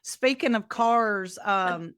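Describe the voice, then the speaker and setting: A woman's voice: mid-range voice, slow pace, clean tone, no room sound, studio quality. A middle-aged woman co-hosting a podcast, telling stories in casual chat and acting out the quotes. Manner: animated storyteller, acts out quotes. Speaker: podcast co-host.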